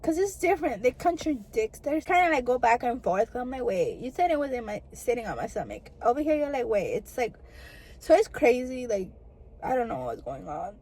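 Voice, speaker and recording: A young woman talks to her camera in a loose, chatty storytime manner. Her voice sits a little high, and she sprinkles "like" and "girl" through her sentences as she goes. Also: very animated, moderate pace, darkish tone, poor audio. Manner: chatty, lots of "like" and "girl" fillers. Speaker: vlogger. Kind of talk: casual storytime chat to camera.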